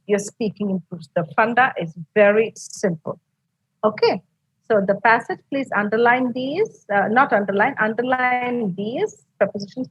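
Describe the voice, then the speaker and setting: A woman's voice: fairly high pitch, breathy edge, no echo, rough recording. A woman with an Indian English accent teaching an online English class, encouraging and explaining step by step with many fillers.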